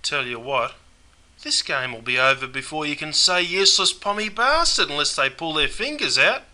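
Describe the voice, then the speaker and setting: A man's voice: on the high side, animated, moderate pace, sharp tone, rough recording. A man doing a slangy Aussie bloke. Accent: Australian. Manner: broad slangy ocker drawl. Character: laid-back Aussie bloke watching cricket. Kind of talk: scripted comedy sketch.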